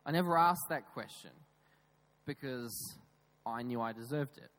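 A man preaching a sermon in a church, emphatic, with raised stresses that drop into quiet, low asides. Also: unhurried, rough recording. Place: church with screens.

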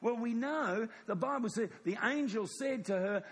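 A man preaching a sermon, telling a story with animated acted-out dialogue. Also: high voice, normal speed, husky.

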